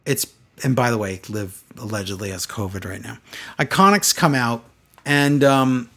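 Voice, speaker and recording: A man's voice: medium pitch, normal speed, pushed and bright. A man in casual chat, reviewing a wrestling show with sarcastic, exasperated commentary.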